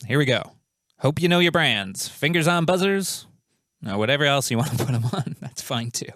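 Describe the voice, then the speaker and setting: A man's voice: medium pitch, lively intonation, moderate pace, fairly bright tone, no room sound, studio quality. A man hosting a comedic quiz show, reading out questions and answers in a playful, jokey, self-mocking way.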